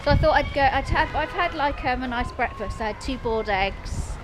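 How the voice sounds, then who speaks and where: A woman vlogging outdoors on a handheld phone, chatting in a rambling, casual way that sometimes turns soft and subdued. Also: high-pitched, animated, brisk. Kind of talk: casual walking vlog. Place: outdoors on a street. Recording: noisy outdoor street.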